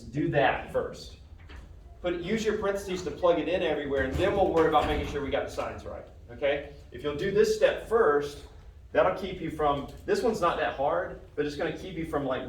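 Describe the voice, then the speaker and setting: A man's voice: a little high, far from the mic. A male math teacher leads a classroom lesson, patiently asking questions and checking that his students follow along. He is heard from across an echoey room. A faint hiss of room noise sits behind him.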